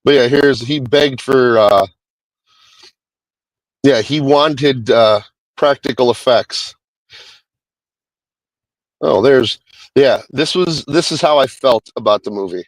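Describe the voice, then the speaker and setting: A man's voice: mid-range voice, slow, pauses often, no echo, low-quality recording. A man reviewing a movie in a casual, rambling way, swearing often and restarting his sentences. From Hispanic American. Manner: rambling, profane, many restarts.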